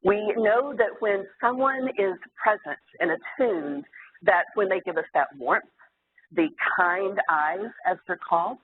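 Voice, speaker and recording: A therapist giving an earnest, explanatory lecture to clinicians, with occasional fillers. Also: mid-range voice. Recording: tinny phone-like sound, faint hiss.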